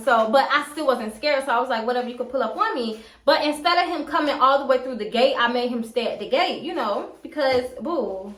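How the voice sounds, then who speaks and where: A young woman telling a story to camera in a sassy, profane, animated way. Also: high voice, reverberant. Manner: sassy, profane, animated retelling with playful asides. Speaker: storytime vlogger.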